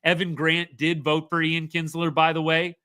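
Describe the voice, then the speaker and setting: Young guy hosting a live sports chat, kinda high bright voice, opinionated, reads out comments. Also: completely flat delivery, moderate pace, clean tone, dry recording, studio quality. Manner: chatty, opinionated, answers viewer comments. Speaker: podcast host. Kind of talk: casual live sports talk.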